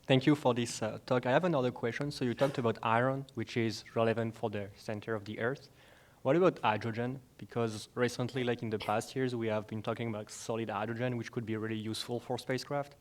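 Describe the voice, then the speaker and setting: Brief: audience man, quick talker, asks his question with restarts and fillers. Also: medium pitch, steady tone. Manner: rephrases himself, fillers. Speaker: audience member asking a question.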